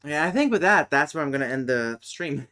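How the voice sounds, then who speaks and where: A young man on a livestream, muttering slowly while he works through language notes. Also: on the high side, lively intonation, sharp tone. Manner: slow, mutters while working things out. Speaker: streamer. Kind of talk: casual livestream chat.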